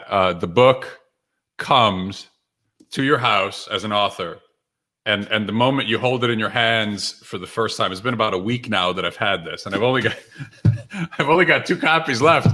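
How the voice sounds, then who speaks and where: A man hosting a live stream for his book launch, talking to viewers in an energetic, upbeat way with lots of fillers and restarts and reading out their comments. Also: medium pitch. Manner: reads out viewer comments and greets them by name. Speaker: author and livestream host. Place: home or office with books behind him.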